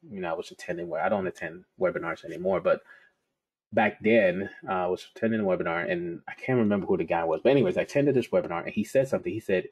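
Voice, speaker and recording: A man's voice: low-pitched, a little mellow, breathy edge. A man teaching about trading in a casual, conversational way, telling stories and repeating his key points. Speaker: trading educator.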